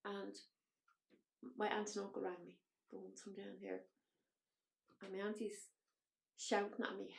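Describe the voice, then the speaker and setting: In an echoey room, a female podcast guest from Ireland recounts her personal story with emotion and blunt, unfiltered swearing. She speaks unhurriedly in a mid-range voice with little pitch movement, vocal fry, and frequent pauses.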